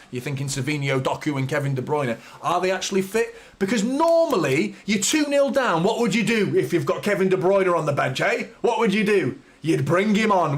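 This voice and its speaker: Fan-channel host, male, fed-up and sweary, lively swooping delivery, a touch high for a man. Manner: exasperated, sweary, rants at players. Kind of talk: live football watchalong commentary.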